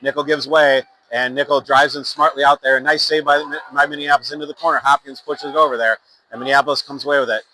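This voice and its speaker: This amateur hockey announcer has a sharp, mid-range voice, fairly even intonation and a fast delivery. Calling a youth game, he rambles casually, uses fillers, corrects himself and slips in sponsor plugs between plays, all on a low-quality recording with slight hiss or hum.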